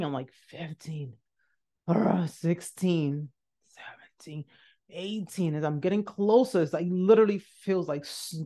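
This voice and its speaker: A woman hosting a podcast, telling a motivational personal story and acting out the voices in it, jumping high for quotes and dropping to a hush for asides. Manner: animated, acts out quotes with big pitch jumps and hushed asides. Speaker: podcast host.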